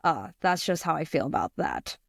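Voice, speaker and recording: A woman's voice: low voice, very animated, moderate pace, creaky, no room sound, studio quality. An American woman hosting a casual podcast chat, teasing her co-hosts and laughing often. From United States. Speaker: podcast host.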